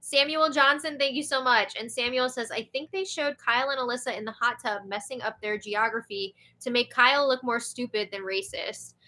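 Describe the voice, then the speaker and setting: A woman's voice: fairly high pitch, fairly quick, few pauses, sharp tone. A young woman hosting a livestream and reading viewer comments in a chatty, giggly way, with a sore throat. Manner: chatty, giggly, filler-heavy. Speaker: show host.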